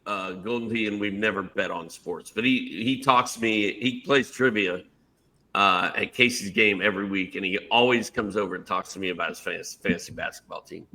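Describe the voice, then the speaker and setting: A man co-hosting a fantasy basketball podcast from a home office, relaxed and easygoing, telling stories. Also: lowish voice, fairly quick. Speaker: co-host, fantasy basketball analyst. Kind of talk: casual sports podcast chat.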